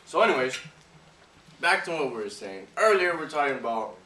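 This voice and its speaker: A man's voice: fairly high pitch, very animated, a little fast, sharp tone. A young adult man hosting a casual news chat, easygoing and talking while he eats. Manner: easygoing, talks while eating. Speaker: show host. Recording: echoey room, far from the mic, faint noise.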